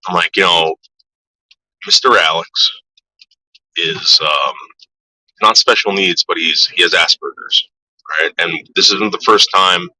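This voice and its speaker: A man's voice: low voice, unhurried, long pauses, bright, forceful tone, low-quality recording. A man vlogging casually, telling a rambling story in a blunt, profane way.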